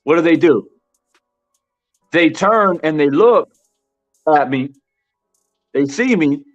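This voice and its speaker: Speaking slowly in an animated voice on the high side, a man runs a live-stream boxing commentary show. He hammers his points to the chat, repeating them and saying "bro" a lot, over a dull lo-fi recording with faint music.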